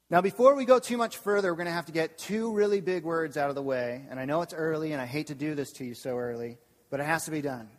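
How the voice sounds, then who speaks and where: A campus pastor with a somewhat high voice preaches energetically, repeatedly putting questions to the congregation. A long church-hall reverb trails his words.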